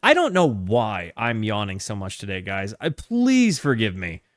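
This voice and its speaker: A man's voice: fairly low pitch, huge pitch swings, measured pace, dry recording, clean studio sound. A man hosting a music reaction channel, chatting casually with lots of restarts and fillers. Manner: rambling, restarts, stacked fillers.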